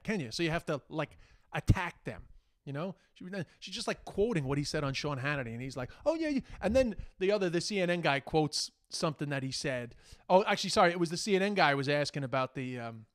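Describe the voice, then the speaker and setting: An Irish man hosting a podcast, delivering a heated, exasperated casual monologue full of swearing. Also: high-pitched. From Ireland. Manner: heated, exasperated, profane, mocks quoted speech. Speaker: podcast host.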